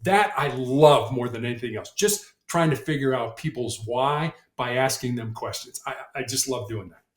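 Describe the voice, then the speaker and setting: A man's voice: mid-range voice, moderate pace. Earnest man telling stories in a roomy space. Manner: earnest, repeats words when starting sentences. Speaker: podcast guest, motivational speaker. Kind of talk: conversational storytelling interview. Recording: roomy echo.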